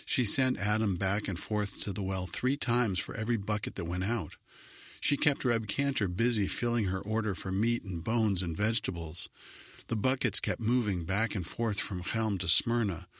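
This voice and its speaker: A man narrating a children's story in an even, measured reading voice. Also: lowish voice, slightly rough, no room sound, clean studio sound.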